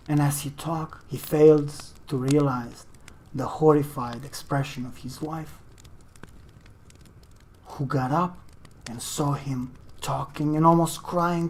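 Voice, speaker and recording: A slow, halting storyteller retelling a classic tale off the cuff. Pauses and restarts break up the speech at a middle pitch. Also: a bit bright.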